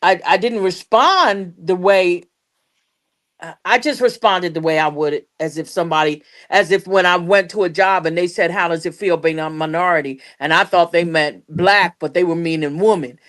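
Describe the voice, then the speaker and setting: A woman co-hosting a casual panel chat, telling stories in an animated way and acting out the other voices. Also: lowish voice, normal speed. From United States. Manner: animated storyteller, acts out quotes, laughs often. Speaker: co-host.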